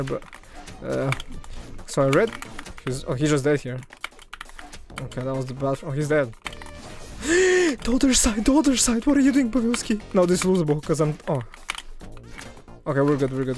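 A man commentating his own gameplay for viewers, excitable, jumping from loud hype to low muttering. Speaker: gaming streamer.

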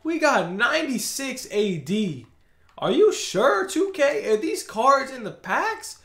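Male gaming creator, slow exasperated ranting commentary with big pitch swings, roomy echo. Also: big pitch swings, fairly bright tone. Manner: exasperated, ranting, frequent groans and sighs. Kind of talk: video game pack opening commentary. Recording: roomy echoey recording.

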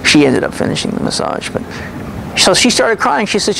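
A man giving a lecture, telling a story with confident, animated energy. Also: sits high, brisk, gravelly, a little hiss or hum, poor audio. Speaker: health and fitness lecturer.

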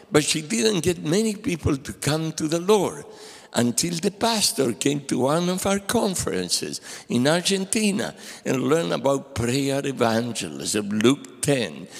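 A man's voice: mid-range voice, creaky. An older man preaching a sermon as a guest speaker, telling stories and acting out the dialogue in them. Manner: animated storyteller acting out quoted dialogue. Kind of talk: sermon with storytelling. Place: church sanctuary. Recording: long hall reverb.

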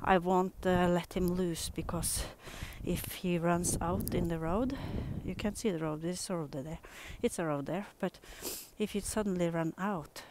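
A woman with a Norwegian accent, chatting casually and softly while walking her dog outside in the snow, often close to a whisper, talking fondly to the dog. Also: on the low side, steady tone, unhurried, few pauses, background noise. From Norway. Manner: soft and cooing, often near a whisper, fond baby talk to a dog. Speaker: dog owner vlogger. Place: outdoors in snow and wind. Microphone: phone held while walking.

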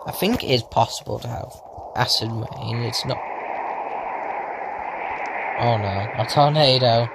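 A man commentating as he plays video games, panicking and yelling out reactions, with self-mocking asides. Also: mid-range voice, measured pace, vocal fry, pauses often, noisy background. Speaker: gamer. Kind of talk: let's play commentary. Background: game music.

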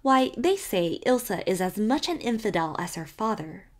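A woman's voice: mid-range voice, very animated, normal speed, pitched above the performer's own voice. A woman voicing a prim, gossiping older village woman who disapproves with tolerant, mock-pleasant airs. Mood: disapproving.

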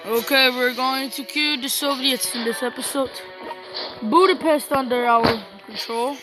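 A young gamer casually commenting on a strategy game she plays, rambling to herself and giving shout-outs to viewers. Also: sits high, unhurried, loud music behind the voice, low-quality recording. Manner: rambling, talks to herself while playing. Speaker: gaming channel host.

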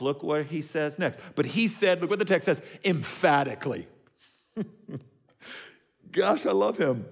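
Guy preaching a sermon, chatty and animated, keeps asking "all right?", mid-pitched voice. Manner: conversational and animated, checks in with listeners; acts out quotes with lively shifts in pitch. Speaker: pastor.

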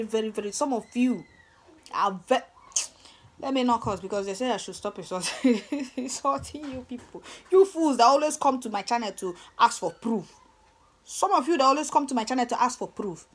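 A young Nigerian woman with a Nigerian accent, hosting her own channel and ranting scornfully, repeating herself with lots of "eh"s and stammered restarts. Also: fairly high pitch. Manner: scornful, repetitive, stammers with many "eh"s. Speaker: channel host. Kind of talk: ranting commentary vlog.

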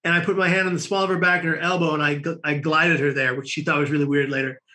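A man, a guest on a talk show, telling a long personal story in an animated way with frequent laughs. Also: a little high, fast. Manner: animated storyteller, laughing often, many restarts. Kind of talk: storytelling in conversation.

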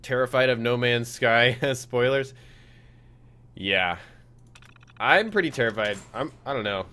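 A man's voice: mid-range voice, unhurried, smooth. Casual male game streamer chatting. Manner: relaxed, reads chat aloud, frequent fillers. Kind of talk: casual live-stream chat over gameplay.

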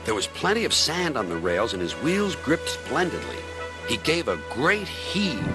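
A man's voice: mid-range voice, huge pitch swings, unhurried. A man narrating a storybook expressively, voicing every part. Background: music.

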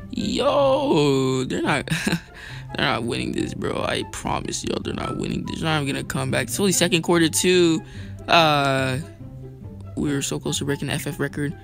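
A young man talks over his football gameplay with a gravelly, bright edge, his pitch leaping all over the place as he hypes his team and teases himself. Light music plays underneath. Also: normal speed. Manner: excitable, hyped, self-mocking. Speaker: gaming video creator. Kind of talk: live gameplay commentary.

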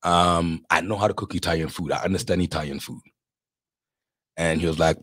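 With a husky, low voice and a slightly fast pace, a South African restaurateur gives a candid, casual interview about his life, recorded with no echo. He acts out quoted people lively and swears here and there.

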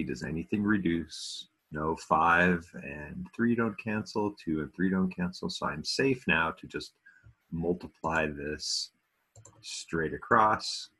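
Math teacher, male, very low and husky, relaxed lesson tone with joking asides. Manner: casual, self-deprecating asides. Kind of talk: recorded video lesson.

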